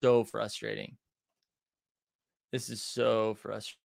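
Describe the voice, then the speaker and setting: A man's voice: fairly low pitch, level tone, takes it slowly, vocal fry. A young man hosting a livestream, talking to his chat casually and sounding frustrated and restless. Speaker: livestream host.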